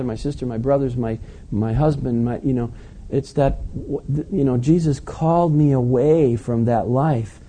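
Man, pastor, conversational sermon, folksy asides, warm tone, slightly raspy. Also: mid-range voice.

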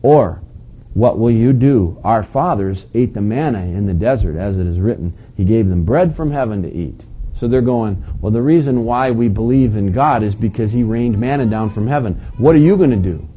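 A man's voice: lowish voice, lively intonation, normal speed, dark tone, slightly rough, poor audio. A man preaching a sermon as pastor, reading scripture and asking the congregation rhetorical questions with rising emphasis.

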